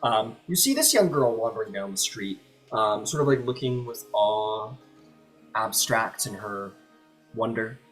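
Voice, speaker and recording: A man's voice: fairly low pitch, animated, unhurried, fairly bright tone, soft background music. A man narrating as game master, describing scenes in a rambling, filler-heavy way.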